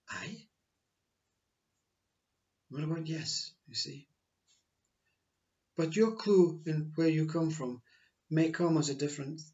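A man delivers a spiritual monologue at an unhurried, deliberate pace. His voice sits a little high, and he circles back over his own words as he teaches. The recording is dull and lo-fi. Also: darkish tone. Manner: slow, reflective, repetitive phrasing.

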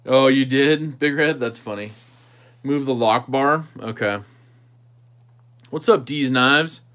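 A man's voice: medium pitch, slow pace, a bit bright. A man hosting a knife channel livestream, chatting casually with viewers and thinking aloud while he tinkers with a knife.

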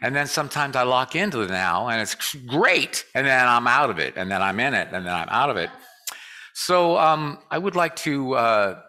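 Bright-voiced man giving a lively casual sermon. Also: mid-range voice, normal speed. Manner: joking, conversational, leads call and response. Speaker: guest speaker. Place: church sanctuary.

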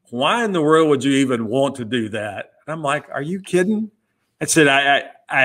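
A middle-aged man, a podcast guest, telling stories in a casual interview and acting out the dialogue he quotes. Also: medium pitch. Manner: lively storyteller who acts out quoted dialogue. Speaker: guest, former pit crew member.

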